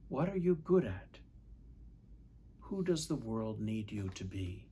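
Priest man doing a sunday homily, pitch goes up and down a lot, unhurried. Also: very animated, mellow, breathy edge. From United States. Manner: measured, reflective, asks questions of listeners.

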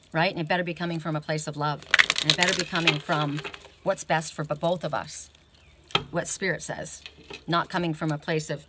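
A woman's voice: sits low, very noisy. A woman giving an oracle card reading in a casual, rambling way, often thinking aloud and tagging her points with a questioning "right?".

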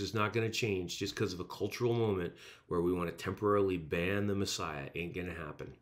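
Deep voiced pastor guy preaching, says things twice for punch. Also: fairly quick. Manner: emphatic, repeats words for stress. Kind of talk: sermon.

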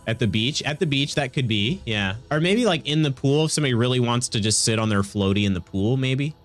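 A man's voice: medium pitch, animated, a little fast, faint music behind. A man streaming a video game, congested with a stuffy nose, chatting casually and laughing with his viewers. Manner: chatty, reacts to chat, laughs often. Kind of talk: casual gaming stream chat.

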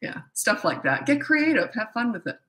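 A woman's voice: fairly high pitch, very animated, normal speed, fairly bright tone, reverberant, a little hiss or hum, poor audio. A middle-aged woman coaching parents in casual talk, blunt and emphatic, acting out the lines she quotes. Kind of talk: casual advice answering viewer questions.

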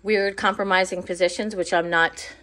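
A woman's voice: medium pitch, steady tone, normal speed, bright, forceful tone. A woman giving a casual, rambling tour of her home decor, a little out of breath and apologetic, filmed on a handheld phone indoors. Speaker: home vlogger. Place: inside a house.

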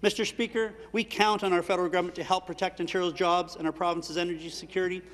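A man answering as a minister in a legislature, delivering a rapid, formal prepared speech. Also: sits high, little pitch movement, a bit bright. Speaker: associate minister of energy. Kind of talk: parliamentary answer. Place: legislative chamber. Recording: reverberant legislative chamber.

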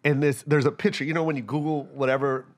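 Middle-aged comedian guy on a podcast, kinda high voice, tells stories loose and cracks up a lot. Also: little pitch movement, fast talker. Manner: loose, laughing storyteller who swears freely. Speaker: guest comedian. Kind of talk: casual podcast chat.

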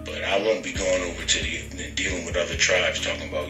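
Low, very bright dismissive man. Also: fairly even intonation, moderate pace, hardly any pauses. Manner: dismissive, mocking. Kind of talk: podcast talk clip. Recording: echoey room with faint music.

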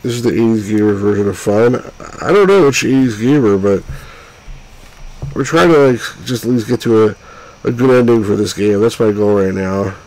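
A man's voice: on the low side, normal speed, darkish tone, poor audio. A man hosting a let's play, giving casual gameplay commentary, exasperated and swearing at the game.

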